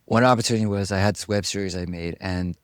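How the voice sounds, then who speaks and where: A man being interviewed, telling stories from his life in a casual, animated way, acting out what people said and swearing now and then. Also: low voice, fast talker, no room sound, studio quality. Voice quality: gravelly. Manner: animated storyteller, acts out quotes, swears. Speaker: interview guest. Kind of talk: casual storytelling.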